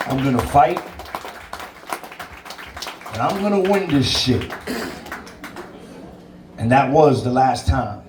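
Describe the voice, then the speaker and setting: A man's voice: medium pitch, very animated, slow, pauses often, recorded from a distance, noisy background. A man, a DJ, telling his own story in an interview, blunt and emphatic and swearing freely. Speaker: DJ and interview guest. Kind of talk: candid personal storytelling. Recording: roomy sound, away from the mic.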